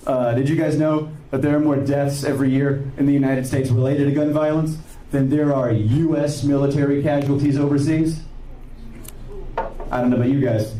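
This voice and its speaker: A man's voice: medium pitch, steady tone, moderate pace, mellow. Giggly man calling in from an echoey room. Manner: rambling, stammering, laughs at his own jokes. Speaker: caller. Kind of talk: casual call-in joke-telling. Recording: distant echoey voice-chat mic with background noise.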